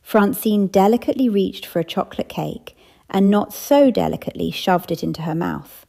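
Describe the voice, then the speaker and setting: A woman narrating a cozy mystery audiobook with an even, measured reading. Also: mid-range voice, vocal fry. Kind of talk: scripted narration.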